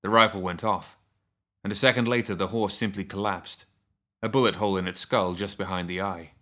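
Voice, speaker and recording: A man narrating a story with a low voice. His reading is steady and measured. He paces each sentence evenly.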